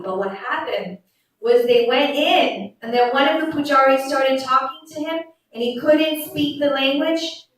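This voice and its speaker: A young woman teaching a children's religious class in a temple hall, slow and patient, quizzing the kids as she goes. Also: fairly high pitch. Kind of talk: religious lesson with chanted verses. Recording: very echoey hall, mic far off.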